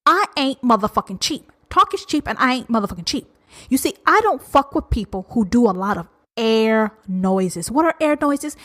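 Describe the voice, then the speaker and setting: A woman around forty, her voice sitting a little high, delivers an uncensored podcast rant. She is blunt and profane and swings from loud jabs to low, quiet asides. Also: lively intonation, normal speed. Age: 40s. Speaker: podcast host.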